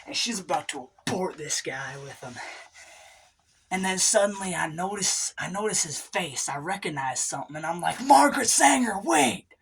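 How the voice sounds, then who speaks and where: Deep-voiced woman, deadpan comedy storyteller, laid-back drawl, faint hiss.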